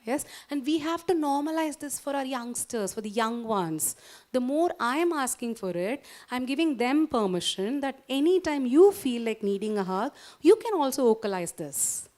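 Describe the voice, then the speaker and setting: Higher-voiced Indian English woman lecturing. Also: expressive, moderate pace. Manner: warm, coaxing, interactive, asks the audience questions. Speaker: guest speaker at a doctors' society. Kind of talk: motivational lecture with guided exercise.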